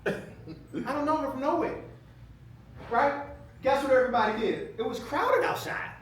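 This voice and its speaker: A middle-aged man giving a playful, animated storytelling speech to a live audience, laughing often and acting out shouted quotes. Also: very high-pitched, moderate pace. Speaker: speaker at an event. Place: event hall with a live audience. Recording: echoey room from far off, noisy.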